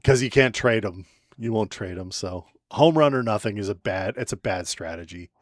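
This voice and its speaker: A man co-hosting a sports talk show, joking and sarcastic in quick casual banter. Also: fairly low pitch, no room sound, studio quality.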